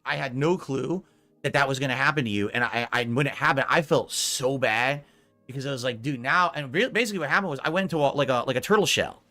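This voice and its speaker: A man's voice: mid-range voice, fast talker, sharp tone, faint music behind. A man hosting a podcast, talking in an apologetic, rambling way in a casual conversation. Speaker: podcast host.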